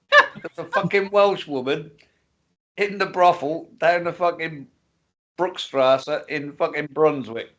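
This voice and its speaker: Casual male co-host, slightly high voice, blunt and profane. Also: takes it slowly, a bit bright, lo-fi sound. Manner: blunt, swearing interjections. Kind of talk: casual chat.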